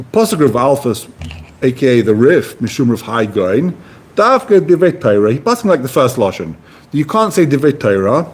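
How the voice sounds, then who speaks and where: Husky, animated Yeshivish-accented male teacher. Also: mid-range voice, moderate pace. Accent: Yeshivish English with Hebrew-Aramaic terms. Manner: animated, conversational, asks rhetorical questions. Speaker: Talmud teacher. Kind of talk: Talmud class lecture.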